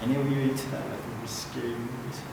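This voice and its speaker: Korean-accented pastor preaching from far off. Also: male voice, medium pitch, little pitch movement, quick pace, gravelly. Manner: repeats key points and checks in with "okay?". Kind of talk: sermon. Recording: echoey hall from far off, noisy room.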